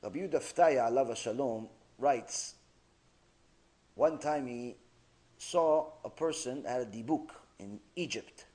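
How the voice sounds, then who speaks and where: A rabbi giving a Torah lecture, animated and acting out the quotes he tells. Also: medium pitch, unhurried. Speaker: rabbi teaching.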